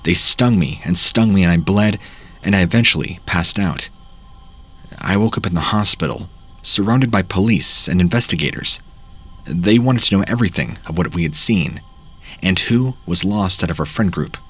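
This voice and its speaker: A man narrating first-person horror stories as the host of a channel, reading in a plain, steady way. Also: low voice, normal speed, breathy edge.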